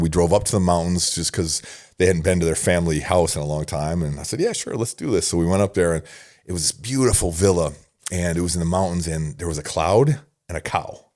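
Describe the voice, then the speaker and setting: A low-pitched man in his fifties guests on a podcast, telling stories in a casual interview. He's animated, laughs often, and repeats phrases.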